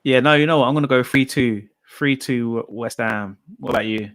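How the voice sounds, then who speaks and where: A man's voice: medium pitch, moderate pace, fairly bright tone, no echo. Chatty man, dry close sound. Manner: chatty, laughs often, reads out viewer predictions. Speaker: football podcast host. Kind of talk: casual football chat.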